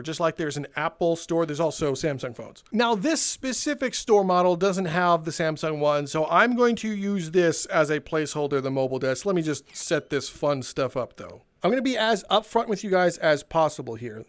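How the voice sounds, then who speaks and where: High-voiced animated young man storyteller. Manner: animated, laughing, swearing. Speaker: gaming video host telling a retail story. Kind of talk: casual storytelling over gameplay.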